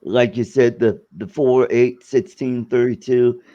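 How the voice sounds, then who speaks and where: A man talking casually about flying drones, hesitant and halting. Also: mid-range voice, fairly even intonation, mellow. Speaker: guest drone pilot. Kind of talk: casual chat. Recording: dull lo-fi audio.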